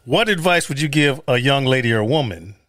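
A man's voice: mid-range voice, lively intonation, a little fast, a bit bright, dry recording. Easygoing male host, dry sound. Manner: easygoing, thinks aloud with fillers. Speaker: podcast host. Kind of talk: casual interview.

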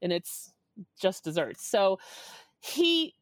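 A woman in her forties, a podcast guest, telling a story in a lively, laughing way and acting out the quotes. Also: slow, no room sound, studio quality. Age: 40s. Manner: lively, laughing, acts out quotes with big pitch jumps. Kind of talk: animated storytelling.

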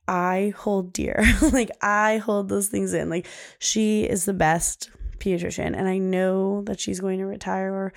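A young woman talks casually on her podcast, rambling and saying "like" all the time. Her voice sits at a middle pitch with a gravelly, fried edge. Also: darkish tone. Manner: chatty, peppered with "like". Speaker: podcast host. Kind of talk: casual chat.

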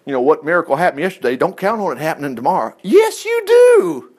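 A man's voice: rapid-fire, breathy edge. A middle-aged man preaching casually from scripture, joking and acting out the quoted lines. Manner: animated, jokey, acts out quoted lines with sudden pitch jumps. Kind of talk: conversational sermon, reading and commenting on scripture.

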